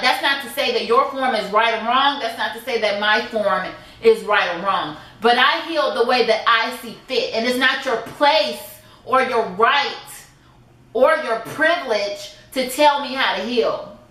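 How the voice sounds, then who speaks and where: A woman talks straight to the camera in a personal vlog, emphatic and indignant, repeating phrases to drive her point home. Her voice is bright and sits a little high. The room around her is echoey. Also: unhurried. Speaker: vlogger.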